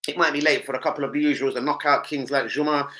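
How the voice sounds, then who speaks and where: Young guy ranting to his stream chat, sweary and animated, bright punchy voice a bit high. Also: rough recording. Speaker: football livestream host. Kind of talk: casual live-stream chat.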